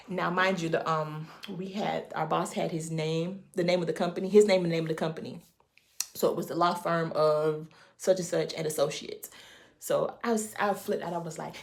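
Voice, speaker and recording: A woman vlogger telling a personal story to her viewers in a casual, animated, emphatic way. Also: low voice, moderate pace, creaky.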